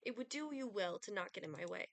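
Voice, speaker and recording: A woman's voice: mid-range voice, expressive, quick pace, vocal fry, dry recording. A woman reading the lines of a haughty male Grim Reaper in a game, pompous and theatrically threatening, in a dry close recording. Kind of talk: dramatic reading of game dialogue.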